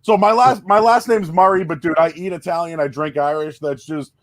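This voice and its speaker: Chatty high-voiced man. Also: dry recording. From Boston area. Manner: rambling, fast, full of restarts and "dude", "man". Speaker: podcast host. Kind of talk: casual chat.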